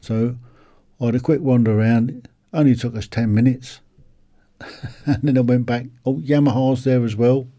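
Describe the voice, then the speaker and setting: A man's voice: medium pitch, fairly even intonation, normal speed, long pauses, warm tone. A man rambling casually about a motorbike show, with plenty of ums and restarts. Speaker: motorcycle vlogger. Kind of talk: casual walkaround commentary.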